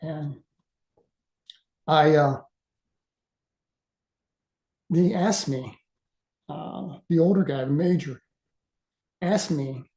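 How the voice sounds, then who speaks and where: A man in his sixties telling a story from his past as a guest speaker. He talks earnestly and haltingly, with many uhs and repeated words. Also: fairly high pitch, mellow, reverberant. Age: 60s. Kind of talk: casual storytelling.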